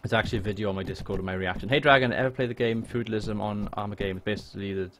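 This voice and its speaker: A man with a Welsh accent chatting jokily and excitably while livestreaming a game, swearing now and then. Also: on the low side, rapid-fire, a little hiss or hum. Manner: excitable, jokey, swears freely. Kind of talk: casual live gameplay chat. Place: home room.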